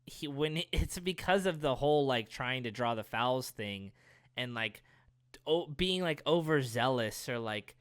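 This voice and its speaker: A man's voice: mid-range voice, expressive, measured pace, a bit bright, clean tone, no room sound, studio quality. A man co-hosting a casual sports podcast, easygoing and agreeable. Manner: easygoing, agreeable, backchannels a lot. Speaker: podcast co-host.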